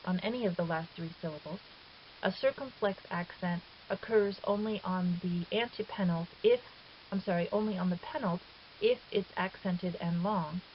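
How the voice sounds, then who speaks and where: A woman teaching Greek in a recorded lecture, patient and methodical, with the odd filler and self-correction. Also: fairly low pitch. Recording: dull lo-fi recording with faint hiss.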